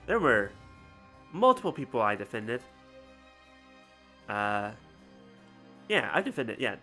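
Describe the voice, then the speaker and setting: A man live-streaming a story game, reading along and reacting with sarcasm and sudden excited outbursts, sometimes swearing. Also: lowish voice, a little slow, pauses often, faint music behind. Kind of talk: casual let's-play commentary.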